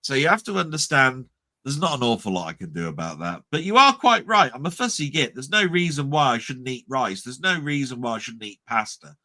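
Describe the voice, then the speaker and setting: A man's voice: medium pitch, very animated, a little fast, bright, forceful tone. A man hosting a casual livestream, reading viewer comments aloud in a chatty, self-deprecating way. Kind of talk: casual live chat.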